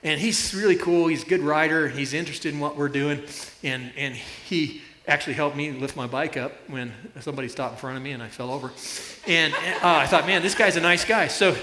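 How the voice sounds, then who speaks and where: Male preacher, bright, upbeat storyteller, roomy hall sound. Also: on the high side, brisk, hardly any pauses. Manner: storytelling with laughs and illustrations. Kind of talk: sermon. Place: church.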